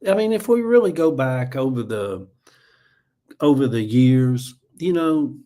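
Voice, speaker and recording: A man's voice: medium pitch, lively intonation, measured pace, mellow. A middle-aged man with a Southern accent from Georgia, chatting casually on a livestream, rambling in a folksy way and reading viewer comments aloud. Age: 40s or older. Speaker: livestream host.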